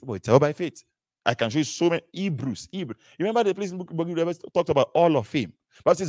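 A man preaching a sermon in an animated way, repeating phrases and asking rhetorical questions. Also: mid-range voice, a little fast, no echo.

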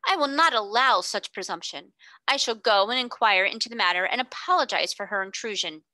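A woman's voice: expressive, fairly quick, pushed and bright, no echo. A woman voicing a stern, indignant middle-aged schoolmistress in an audiobook reading, haughty and rigidly polite. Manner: haughty, rigidly polite, shrill when shocked.

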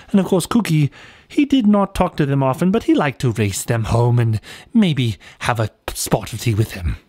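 A man's voice: mid-range voice, sing-song, moderate pace, a little mellow, dry recording. Playful man narrating a cartoon story. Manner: playful, whimsical.

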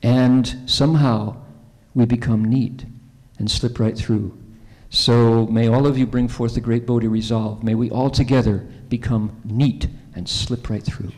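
A man's voice: medium pitch, steady tone, measured pace, a little mellow. A male Buddhist monk giving a conversational conference talk, telling stories and asking the audience questions. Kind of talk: conference Dharma talk with storytelling. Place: convention centre hall. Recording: long hall reverb.

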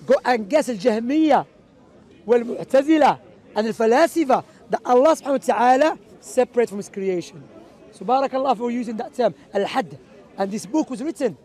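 High-voiced man arguing a point outdoors. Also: darkish tone. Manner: emphatic, argumentative, mixing in religious Arabic phrases. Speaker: street preacher. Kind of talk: impromptu outdoor debate. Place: outdoors in a city park.

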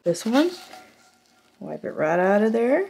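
A woman's voice: medium pitch, sing-song, a little slow, vocal fry, warm tone, a little hiss or hum. Woman vlogger, playful casual talk while cooking at home. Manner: playful, joking, laughs often. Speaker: product reviewer. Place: home kitchen.

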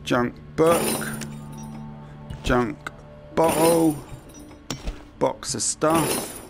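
A man's voice: mid-range voice, creaky. A man thinking aloud to himself as he plays through a video game, giving let's-play commentary into a headset mic. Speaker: gamer.

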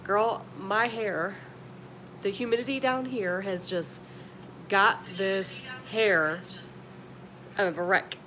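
A woman's voice: steady tone, slow, pauses often, bright, forceful tone. Chatty woman live-streaming. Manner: chatty, affectionate, calls viewers honey and sweetie. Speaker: live-stream beauty vlogger. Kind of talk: casual live-stream chat greeting viewers. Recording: noisy with low rumble.

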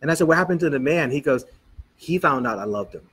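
A man's voice: on the high side, lively intonation, fast, a bit bright, slightly rough. A middle-aged man preaching as a pastor, telling a personal story in church and acting out the dialogue as he goes. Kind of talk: storytelling sermon.

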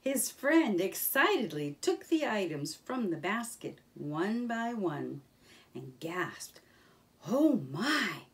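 Slow, expressive woman reading a storybook. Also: medium pitch, far from the mic. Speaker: children's story reader. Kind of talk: storybook read-aloud.

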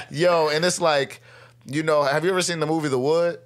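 A man's voice: a little high, steady tone, moderate pace. A young man, a podcast guest, telling a story in slangy casual speech and acting out what others said in raised voices. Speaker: guest, rapper and army veteran. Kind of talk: animated storytelling. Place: podcast studio.

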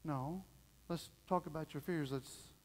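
Middle-aged male pastor, folksy storyteller, slightly high voice, church hall reverb. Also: moderate pace. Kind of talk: sermon. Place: church sanctuary.

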